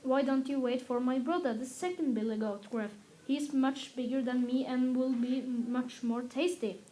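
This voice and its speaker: Give me a woman playing a tiny goat begging for its life, a little higher. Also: moderate pace, warm tone, lightly acted. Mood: pleading. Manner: pleading, small voice. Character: tiny young billy goat, pleading and timid.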